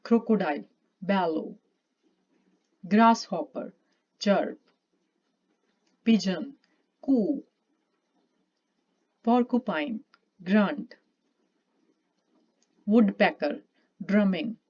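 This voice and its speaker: A woman teaching English vocabulary, naming one word after another in a slow, deliberate way. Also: mid-range voice, expressive, warm tone, breathy edge. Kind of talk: reading a vocabulary list. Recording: muffled lo-fi sound.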